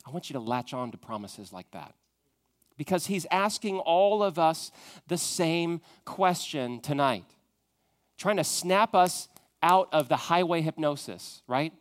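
A man preaching a sermon, moving from loud emphatic questions to a soft, hushed tone. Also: on the high side, expressive, measured pace. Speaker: pastor.

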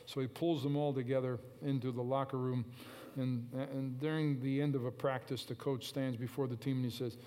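A man's voice: medium pitch, fairly even intonation, normal speed. A male preacher giving a sermon, emphatic and repetitive, calling out to the congregation and waiting for answers. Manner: emphatic, repetitive exhortation with call-and-response.

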